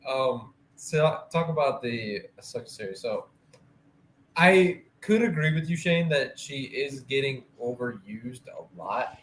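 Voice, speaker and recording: A man co-hosting a casual talk show, upbeat and quick to laugh. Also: medium pitch, animated, a little hiss or hum. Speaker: podcast co-host. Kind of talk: casual chat.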